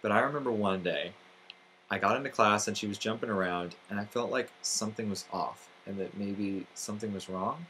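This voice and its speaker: A man's voice: on the low side, brisk, sharp tone, slight background noise, poor audio. A man from Texas telling an earnest, reflective first-person story from his school years. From Texas, USA.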